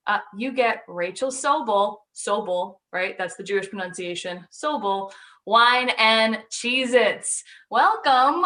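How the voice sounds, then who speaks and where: A woman's voice: medium pitch, pushed and bright. Chatty woman hosting. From Long Island, New York. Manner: chatty, joking, swears casually. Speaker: podcast host. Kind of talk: casual chat.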